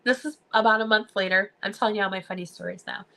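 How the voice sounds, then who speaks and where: Her voice is medium in pitch, quick and a bit creaky as she hosts a live stream. She chats casually, telling stories with plenty of energy and frequent laughter while imitating what people told her.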